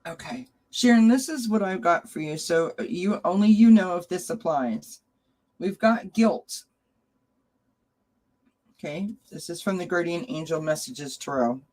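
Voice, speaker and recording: Woman host of a live tarot chat, warm, chatty, greets viewers by name. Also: on the low side, expressive, unhurried. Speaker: tarot reader and channel host. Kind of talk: casual live-stream chat.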